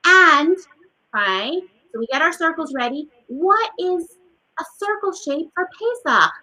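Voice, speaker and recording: A woman's voice: very high voice, measured pace, low-quality recording. A woman teaching preschoolers at circle time, acting out feelings with gasps and a sing-song manner. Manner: animated and sing-song, acting out emotions with gasps and big swings. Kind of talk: circle time lesson for young children.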